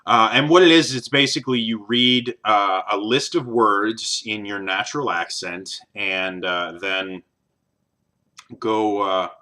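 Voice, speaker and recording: Bright-voiced young American man vlogging. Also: on the low side, slow. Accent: neutral General American. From American Midwest. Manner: rambling, many ums and restarts. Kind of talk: casual talk to camera.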